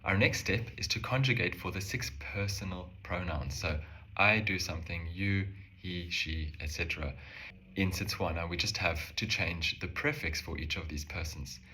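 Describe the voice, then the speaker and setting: A man calmly explaining a language lesson step by step, slowing down to say example phrases. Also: deep voice, slight background noise. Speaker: language teacher.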